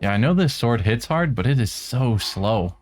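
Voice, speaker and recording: A man giving relaxed let's-play commentary, making wry asides and talking to the enemies on screen. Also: medium pitch, moderate pace, a little hiss or hum. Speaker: game streamer.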